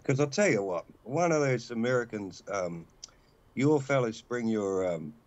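A man's voice: mid-range voice, lively intonation, moderate pace, a little mellow, lo-fi sound. A man with a New Zealand accent, calling into a show and talking casually, blunt and rambling in his opinions. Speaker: guest caller. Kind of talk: casual call-in chat.

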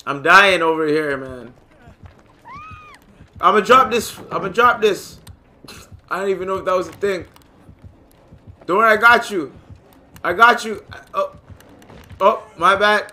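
A man casually commentating his gameplay, excitable and joking, with loud profane outbursts. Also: high-pitched, slow pace, pauses often. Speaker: gamer and channel host.

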